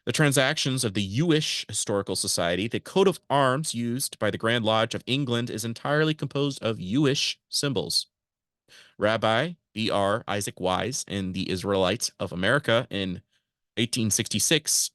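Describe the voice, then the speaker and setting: Low-voiced man hosting a podcast. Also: moderate pace, a bit bright, no echo, clean studio sound. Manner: reads prepared text, breaks into casual asides to listeners. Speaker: podcast host. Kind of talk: podcast monologue read from notes.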